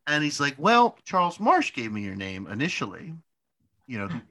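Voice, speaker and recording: A man's voice: mid-range voice, huge pitch swings, moderate pace, pushed and bright. A young man in a casual podcast chat, telling a long story with lots of restarts, "like" fillers and casual swearing. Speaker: podcast co-host.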